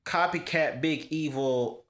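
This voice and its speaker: Speaking slowly in a slightly high, somewhat bright voice, a young wrestling show host reviews matches on his own vlog. He's casual yet emphatic, repeating words to drive his points home.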